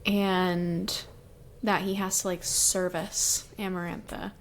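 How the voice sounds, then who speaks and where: A young woman talks through a book's plot at a slow, easy pace, her voice sitting a little low. She co-hosts a casual podcast and strings her recap together with plenty of "um" and "like." A faint hiss sits under her voice. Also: level tone. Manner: recaps the plot loosely, with many fillers like "um" and "like". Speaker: podcast co-host. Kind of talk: casual book-discussion chat.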